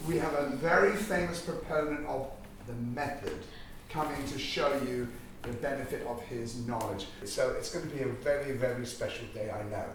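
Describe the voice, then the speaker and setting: Man playing a camp director, brisk, noisy roomy sound. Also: mid-range voice, far from the mic, lightly acted. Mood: bossy. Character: flamboyant male theatre director.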